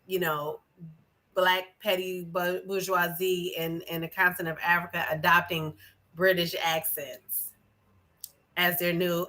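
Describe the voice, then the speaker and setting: A woman's voice: fairly low pitch, level tone, a little slow, sharp tone. A woman chiming in conversationally as a co-panelist in a political broadcast discussion.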